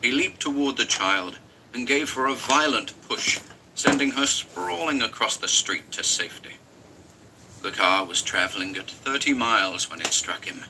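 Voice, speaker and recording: A man's voice: mid-range voice, expressive, normal speed, background noise. A man reading a horror story aloud in an intense, dramatic narration. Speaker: story reader.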